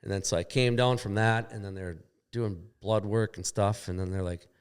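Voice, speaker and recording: A man's voice: lowish voice, fairly even intonation, normal speed, smooth. A man telling a long crash story on a podcast, rambling and profane, acting out what people said. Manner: rambling, profane, acts out quoted dialogue. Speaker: podcast guest. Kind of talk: casual storytelling. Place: shop.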